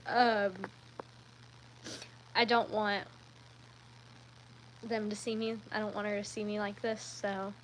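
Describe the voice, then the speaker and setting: A woman chatting casually on a live stream, rambling along with frequent ums and quick self-corrections. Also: medium pitch, level tone, a little hiss or hum, poor audio. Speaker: livestreamer.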